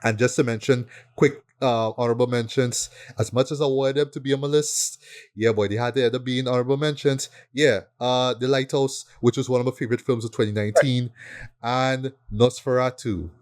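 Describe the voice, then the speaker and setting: A man's voice: mid-range voice, steady tone, a little fast, darkish tone. A man co-hosting a podcast, chatting casually and keenly about films and tagging his points with "right?". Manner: enthusiastic, peppers talk with "right?". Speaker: podcast co-host. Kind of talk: casual film review chat.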